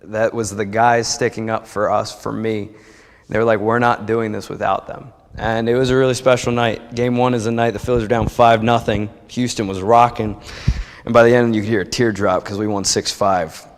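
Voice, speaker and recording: A church member, a young New Jersey man, delivers a heartfelt testimony at a service, rambling chattily and restarting often. He speaks at normal speed in a fairly low voice with little pitch movement, and the sanctuary adds long hall reverb.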